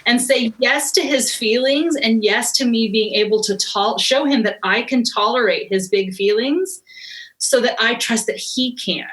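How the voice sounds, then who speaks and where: A woman's voice: a little high, unhurried, a bit bright, low-quality recording. A woman in her forties, a parenting expert guest in an interview, speaking earnestly and reflectively about raising children. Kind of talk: conversational interview.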